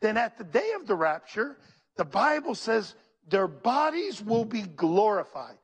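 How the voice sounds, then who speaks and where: A high-pitched, slightly rough voice belongs to a pastor preaching at an unhurried pace. He calls out to the congregation and reads scripture aloud with animated, preacherly energy.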